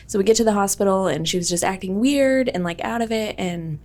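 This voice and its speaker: A woman's voice: lowish voice, quick pace, hardly any pauses. A young woman, a podcast guest, telling a personal story in a chatty way with lots of fillers and quoted dialogue.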